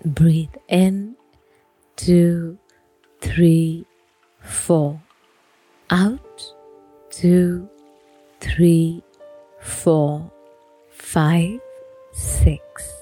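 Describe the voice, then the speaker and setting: Calm lady guiding breathing, slow and low, counting each breath, dry close sound. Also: breathy edge, no echo, faint music behind. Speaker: breathing instructor. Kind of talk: guided breathing exercise.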